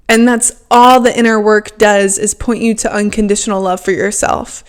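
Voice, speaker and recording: A woman's voice: medium pitch, steady tone, normal speed, hardly any pauses, clear, resonant tone. A woman hosting a podcast, talking frankly and emphatically in a casual self-help monologue, with lots of "like" fillers. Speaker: podcast host.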